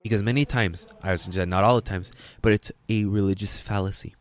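A male pastor preaching a sermon in an emphatic, repetitive way, rising into loud peaks. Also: fairly low pitch, brisk, dry recording.

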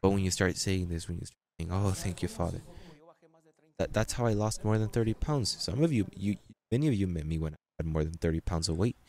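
A man preaching a sermon as pastor, emphatic and repetitive, with halting restarts and sudden jumps in pitch. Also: lively intonation, a little mellow.

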